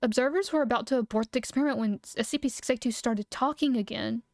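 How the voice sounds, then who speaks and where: A woman's voice: on the high side, fast, dry recording. Giggly young woman streamer, dry sound. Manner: excitable, giggly, reacting loudly. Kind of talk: live-stream lore reading and chat.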